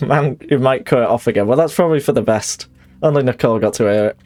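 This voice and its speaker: A male streamer giving live commentary on a game, swearing, laughing and reacting loudly. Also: medium pitch, fast.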